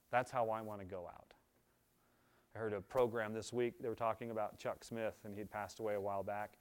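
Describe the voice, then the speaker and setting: A man preaching a sermon at a church service, earnest, with loud emphatic passages and quieter pleading ones. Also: lowish voice. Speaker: pastor.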